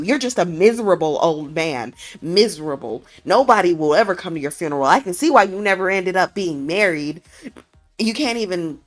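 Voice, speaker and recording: A woman's voice: mid-range voice, fairly bright tone, voice pushed up, natural voice. A woman voicing a furious young woman who berates her male boss in a cutting, scornful tirade.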